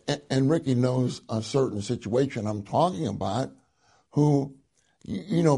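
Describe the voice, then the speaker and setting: A man giving an earnest sermon to a congregation, reading passages aloud and slowing down to stress key words. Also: fairly high pitch, dark tone. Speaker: church speaker.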